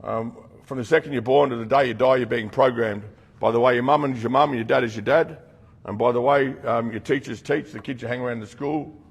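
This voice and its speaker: A man's voice: mid-range voice, fairly even intonation, a little fast, creaky, slightly rough. A middle-aged Australian man leading a rehab program, speaking bluntly and earnestly to a group with casual slang. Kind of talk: talk to a group. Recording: long reverb from a hall.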